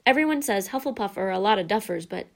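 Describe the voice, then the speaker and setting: A woman reader voicing a gruff, big-hearted giant groundskeeper who drops his g's and talks in a hearty, folksy way. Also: mid-range voice, expressive, fast talker.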